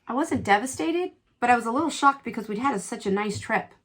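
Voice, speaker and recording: A middle-aged woman chatting through a makeup tutorial, candid and quick to exclaim, telling a personal story as she works. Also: a little high, animated, a bit bright. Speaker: beauty vlogger.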